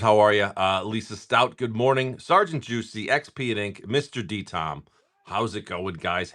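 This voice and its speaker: A man hosts a relaxed morning livestream and talks in quick, animated bursts, his pitch rising and falling a lot. He swears casually and greets viewers by name while going through card packs. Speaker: card-breaking livestream host.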